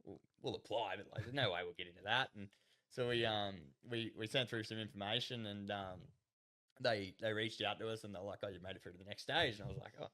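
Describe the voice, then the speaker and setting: A man's voice: on the low side, fairly even intonation, fast talker, bright, forceful tone. An Australian man chatting as a podcast guest, rambling through stories, laughing often and acting out what others said. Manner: rambling, laughs often, acts out quoted voices. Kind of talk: casual storytelling chat.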